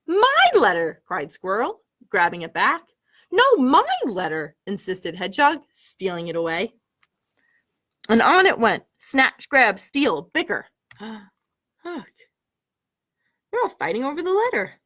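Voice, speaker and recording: A woman, a children's librarian, reading picture books aloud to children with an animated, questioning storytime manner. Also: medium pitch, unhurried, pauses often. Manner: animated, asks listeners questions, gasps at the story.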